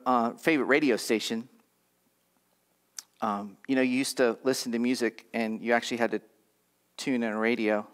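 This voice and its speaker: A man's voice: mid-range voice, a bit bright, clean tone. Man preaching a conversational sermon. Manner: conversational, repetitive affirmations, audience call-and-response. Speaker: pastor.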